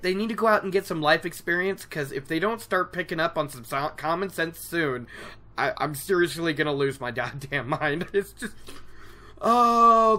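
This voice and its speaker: Podcast host with a casual, animated recap style, slow pace, bright tone, laughs a lot. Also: medium pitch. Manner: laughs often, animated and self-mocking.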